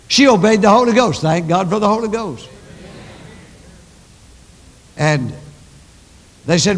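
Older man, pastor, high-pitched, emphatic sermon, echoing hall. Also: fairly quick, vocal fry. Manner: emphatic preaching, storytelling with repetition. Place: large church. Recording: long church hall reverb.

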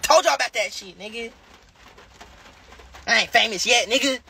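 A Southern American man with a strikingly high speaking voice chats casually into his phone on a livestream. His tone is sharp and bright, with a husky, raspy grain under it. He rambles and curses freely, firing back at whatever viewers type in. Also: normal speed. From Charlotte, North Carolina. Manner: rambling, profane, talks back to viewers' comments. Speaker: rapper hosting a livestream.

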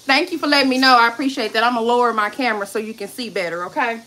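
A woman with a high, bright voice talks her viewers through a recipe on a casual cooking livestream. She is chatty and playful, jokes and swears now and then, and speaks straight to the audience. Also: rapid-fire.

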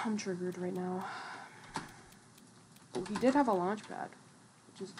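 A woman's voice: fairly low pitch, a little slow, pauses often, very noisy. A woman giving casual gameplay commentary as a streamer, chatty and trash-talking, with lots of fillers. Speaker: gaming streamer.

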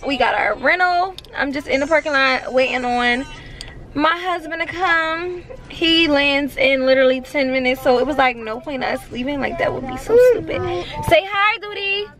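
Chatty girl talking to her vlog, high pitched, says y'all a lot. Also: moderate pace, a bit bright. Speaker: vlogger. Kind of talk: casual vlog talk to camera.

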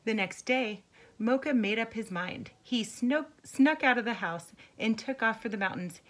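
A woman teacher reading a picture book aloud to children, slow, clear and patient. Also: on the high side, expressive, fairly bright tone.

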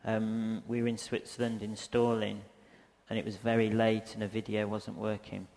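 Gravelly man giving a rambling lecture. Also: lowish voice, flat delivery, moderate pace, a little mellow. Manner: rambling, hesitant, frequent ums. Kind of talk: casual lecture with slides. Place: lecture hall in a museum. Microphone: handheld or stand microphone. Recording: reverberant lecture hall.

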